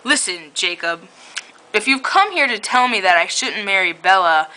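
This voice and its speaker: A woman reading the lines of a calm, reserved young male vampire in a fan story, close to her own voice and prone to giggles. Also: mid-range voice, normal speed, low-quality recording. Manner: read aloud, breaking into giggles.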